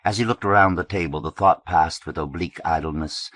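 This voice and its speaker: A man narrating a literary novel in a measured, understated way. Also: low voice, a bit bright, dry recording, studio quality. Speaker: audiobook narrator.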